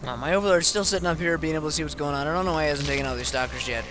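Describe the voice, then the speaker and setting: A man's voice: fairly high pitch, noisy background. A tired man who has been up all night, casually talking through his own game replay with lots of ums and restarts. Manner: halting, many ums and restarts.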